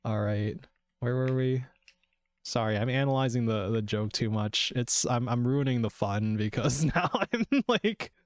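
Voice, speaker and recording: A chatty man talking to his stream while he builds a game, wandering off on tangents with plenty of swearing and laughter. His voice sits at an ordinary middle pitch. It is recorded close and dry, with no room sound around it. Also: no echo. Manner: rambling and chatty, swears freely, laughs often. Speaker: VTuber game developer streamer. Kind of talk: casual live-stream chat.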